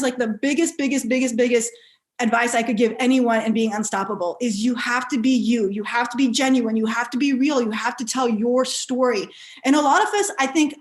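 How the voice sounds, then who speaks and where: A woman giving a motivational keynote, telling personal stories with lively, animated delivery and frequent restarts. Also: on the high side. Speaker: keynote speaker.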